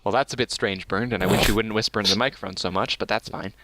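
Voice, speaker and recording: A man's voice: lowish voice, steady tone, fast, background noise. A man hosting a casual podcast chat, rambling with many filler words. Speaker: podcast host.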